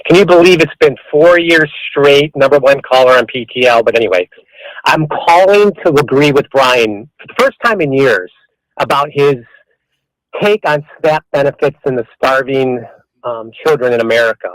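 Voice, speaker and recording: A man's voice: mid-range voice, expressive, normal speed, no echo. A man calling into a radio show, mocking and sarcastic in tone, heard over a phone line. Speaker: caller. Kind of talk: sarcastic call-in phone talk.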